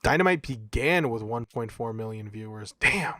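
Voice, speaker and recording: A man's voice: medium pitch, lively intonation, normal speed, sharp tone, dry recording, clean studio sound. A man co-hosting a podcast, chatting casually in a loose, rambling way with chuckling asides. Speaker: podcast co-host. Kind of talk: casual chat.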